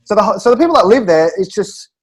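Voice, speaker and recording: An Australian man, a stand-up comedian, telling animated stories in casual chat with quick restarts and laughs. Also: sits high, slightly rough. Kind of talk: casual storytelling.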